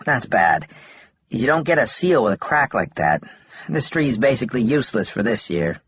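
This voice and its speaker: A man's voice: mid-range voice, very animated, normal speed, a bit bright, slight background noise. A man voicing a know-it-all male maple tapping specialist, explaining step by step.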